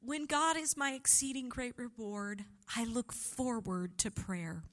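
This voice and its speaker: A middle-aged woman delivers a sermon, speaking unhurriedly with long, deliberate phrases. Her voice sits somewhat high, and she tells a family story with open, heartfelt emotion that sometimes turns tearful. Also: a bit bright. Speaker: pastor's wife preaching.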